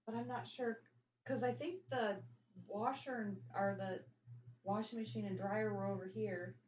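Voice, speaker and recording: A woman's voice: mid-range voice, a little mellow, a little hiss or hum. A woman from the house's family casually telling stories in a chatty, rambling way, indoors in an old house. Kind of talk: casual storytelling chat. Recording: slightly muffled lo-fi.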